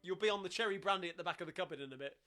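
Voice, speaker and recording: Guy with a pretty high voice hosting a sing-along, rambly chat, loud piano going behind him. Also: racing. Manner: chatty, rambling with many fillers. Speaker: sing-along host and pianist. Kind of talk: live-streamed chat between songs. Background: loud piano playing.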